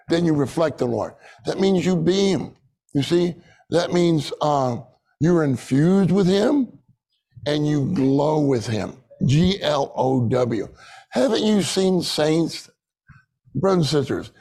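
A man's voice: mid-range voice, vocal fry, darkish tone, poor audio. An older man giving a conversational sermon testimony, telling stories and acting out what people said, with a laugh now and then. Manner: storytelling with laughs, acting out dialogue. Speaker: church speaker sharing a testimony.

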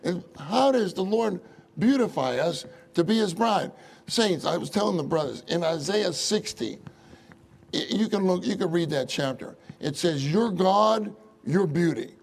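A man preaching a sermon in an animated way, often asking the audience rhetorical questions and chuckling through his stories. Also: sits high, unhurried, vocal fry. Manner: chuckles often while telling anecdotes.

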